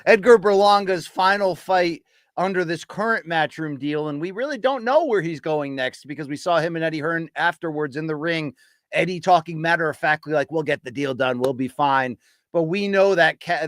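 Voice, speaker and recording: A man hosting a casual podcast, giving opinionated takes and running quickly through names and rankings. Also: fairly high pitch, a bit bright, dry recording. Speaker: podcast host. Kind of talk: casual boxing podcast chat.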